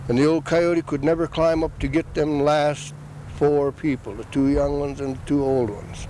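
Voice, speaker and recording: An older man telling a traditional story in an unhurried, plain-spoken way, repeating "he said" between the quoted lines. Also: on the high side, fairly even intonation, dark tone, a little hiss or hum, low-quality recording.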